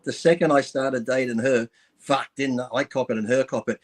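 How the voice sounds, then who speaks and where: A man's voice: mid-range voice, fairly quick. A man co-hosting a casual chat, rambling and swearing freely. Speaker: co-host.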